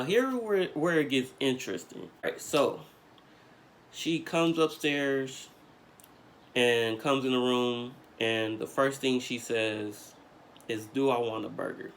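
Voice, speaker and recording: Gravelly young man telling a story. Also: mid-range voice, slight background noise. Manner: casual storytelling with slang and fillers, animated retellings. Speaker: vlogger. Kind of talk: storytime vlog.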